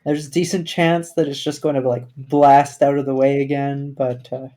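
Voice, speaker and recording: A man's voice: medium pitch, level tone, normal speed, warm tone. A man player reasoning through plans in casual tabletop game talk, with some hesitation.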